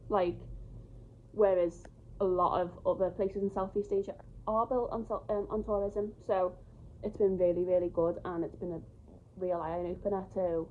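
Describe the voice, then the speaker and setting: A woman's voice: mid-range voice, darkish tone. A woman chatting casually about her travels, open and emotional. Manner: chatty, emotional, tearful at times. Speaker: travel vlogger. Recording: dull lo-fi sound, faint noise.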